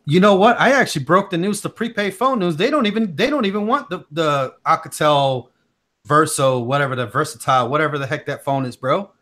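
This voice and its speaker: A man with a fairly high, bright and forceful voice, chatting on a casual tech livestream. He tells stories in an animated, slangy way, full of fillers and repeated phrases. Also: brisk. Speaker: tech channel host.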